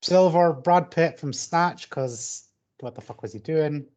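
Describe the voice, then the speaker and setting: A man's voice: on the high side, measured pace, a little mellow. A man co-hosting a casual podcast, making wry remarks and laughing often. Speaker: podcast co-host. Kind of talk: casual chat. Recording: slightly dull audio.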